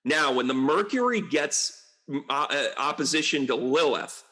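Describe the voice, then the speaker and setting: A male astrologer talks through a chart in a casual, irreverent way. His voice sits a little high, and he drifts between asides and jokes. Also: expressive, moderate pace, bright, forceful tone. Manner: joking, rambling, irreverent. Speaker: astrologer and medium. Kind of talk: casual astrology reading on video.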